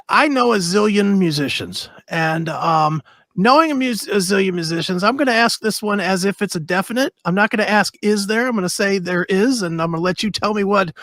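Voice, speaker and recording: Lively, high-voiced male interview host. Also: vocal fry, dry recording. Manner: chatty, leading, quick affirmations. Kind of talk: casual interview questions.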